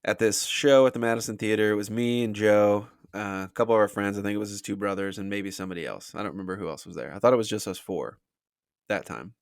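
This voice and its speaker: Young male podcast co-host, low pitch, dry close sound, relaxed reminiscing. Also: fast talker, gravelly, no echo. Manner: short reactions, reminiscing. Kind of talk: casual chat.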